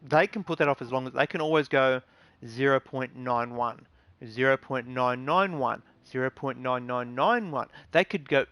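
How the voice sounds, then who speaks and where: Male gaming vlogger, mid-pitched, rambling gripes full of ums, dead-dry close recording. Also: fairly bright tone, no echo. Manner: rambling and aggrieved, many ums and restarts. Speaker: gaming channel host. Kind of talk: casual gaming vlog rant.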